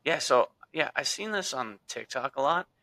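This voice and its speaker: Male co-host, lively pitch, bright tone, easygoing and agreeable. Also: moderate pace, gravelly, poor audio. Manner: agreeable, brief replies. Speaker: podcast co-host. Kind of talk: casual chat.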